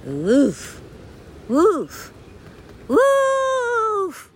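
A woman's voice: on the low side, expressive, a little slow, darkish tone. A woman voicing a mischievous young village boy who is a shepherd, with a playful, cheeky manner. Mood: shouting.

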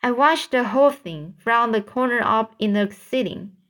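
A woman's voice: on the high side, expressive, normal speed, fairly bright tone. A woman voicing a gloomy female spider who feels wronged, in a mournful, sighing storybook reading.

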